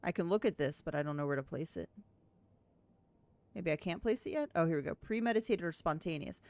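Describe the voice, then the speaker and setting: A woman gives casual let's-play commentary, thinking aloud as she goes. Her speaking voice sits a bit low, and she reads on-screen text in an easy, chatty way. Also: animated, a little fast, darkish tone. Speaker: gameplay streamer.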